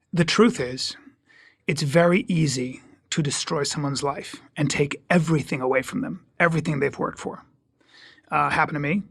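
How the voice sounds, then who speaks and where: High, gravelly-voiced male comedian. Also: no room sound, studio quality. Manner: emphatic, joking, swings from loud to hushed. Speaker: stand-up comedian, guest. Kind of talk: casual interview talk.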